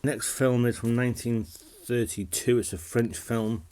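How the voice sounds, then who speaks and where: A man talking casually to camera about films he watched, relaxed and rambling, often restarting his sentences. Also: mid-range voice, a little slow. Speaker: film reviewer. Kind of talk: casual film review vlog.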